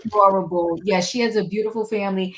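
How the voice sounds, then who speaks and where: A woman's voice: mid-range voice, steady tone, fast talker, a little hiss or hum. A woman co-hosting a casual TV recap chat, sassy and emphatic, repeating words for effect. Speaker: podcast co-host.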